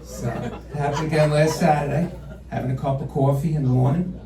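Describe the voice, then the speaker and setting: A male stand-up comedian telling a story on a club stage, with animated, mock-outraged ranting. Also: a little high, fairly quick. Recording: roomy club sound from a distant mic, crowd laughing.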